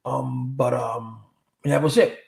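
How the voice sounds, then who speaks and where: Now the voice is gravelly and darkish, medium in pitch with fairly even intonation and a measured pace. It's the same middle-aged streamer casually answering comments and rambling through stories laced with slang and profanity.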